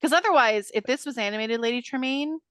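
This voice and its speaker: A woman co-hosting a film podcast, animated and chatty, with a voice pitched a little high. She trades laughing asides, and the recording is dry and close with no room sound. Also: fast talker, smooth, dry recording. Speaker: podcast co-host. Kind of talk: casual chat recapping a film.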